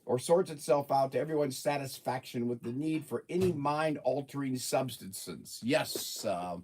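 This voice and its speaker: A man's voice: mid-range voice, normal speed, darkish tone, slight background noise. A man hosting a casual livestream, rambling and joking as he reads out viewer comments. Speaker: livestream host.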